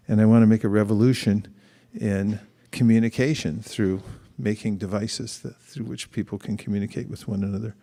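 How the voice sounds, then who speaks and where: Low mellow guy giving a chatty sermon, reads scripture out loud, long hall echo. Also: fairly even intonation, brisk, hardly any pauses. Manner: conversational, reflective, quotes scripture and reads aloud. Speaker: speaker giving a scripture class.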